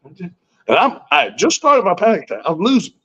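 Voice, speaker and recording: A man in his sixties, appearing as a guest, tells a personal story a little fast, in a high, pushed, bright voice with a breathy edge and huge pitch swings. He's blunt and folksy, swears freely, and often starts his sentences again. The recording is muffled and lo-fi.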